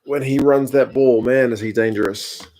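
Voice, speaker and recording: Brief: New man in his thirties, laid-back live-stream host, mid-pitched voice, chatty, replies to viewer comments. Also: moderate pace. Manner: relaxed, chatty, reads and answers viewer comments. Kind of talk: casual live-stream chat over a rugby match.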